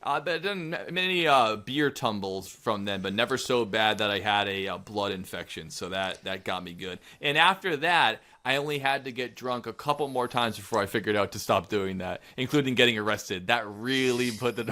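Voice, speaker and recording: A mid-range, bright and forceful voice at normal speed belongs to a young male podcast co-host in his twenties. He tells a rambling story full of swearing, voicing each quote as he goes.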